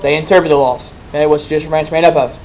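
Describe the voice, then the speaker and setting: A male teacher lectures to a classroom in a slightly high voice, talking casually and throwing questions at his students. A faint rumble hums under the recording. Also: steady tone, racing, darkish tone, dull audio. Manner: conversational, quizzing students, folksy asides.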